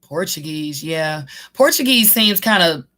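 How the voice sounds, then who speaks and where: A woman's voice: deep voice, lively intonation, measured pace, bright, forceful tone. A young woman hosting a live stream, chatting casually with viewers in a rambling, profane way and laughing often. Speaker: live stream host and tarot reader. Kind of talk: casual live stream chat reading comments.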